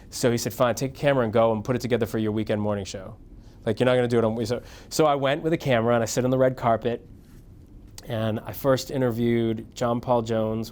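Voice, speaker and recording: A middle-aged man, a news anchor, telling career stories to an audience in a casual, animated way and acting out the voices he quotes. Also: medium pitch, slight background noise. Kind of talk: casual storytelling talk to an audience.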